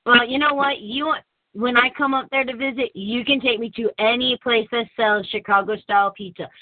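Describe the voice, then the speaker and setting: High-voiced woman host on a tinny line. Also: steady tone, moderate pace, no echo. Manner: laughs often, self-mocking. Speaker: podcast host. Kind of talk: casual chat. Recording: tinny phone-like sound.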